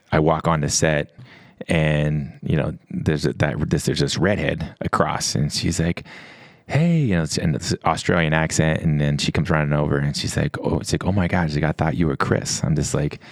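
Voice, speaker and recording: A middle-aged man from the US East Coast, appearing as a podcast guest, tells stories in a casual chat, rambling, restarting often and quoting dialogue. He has a bass voice, and the recording is dry.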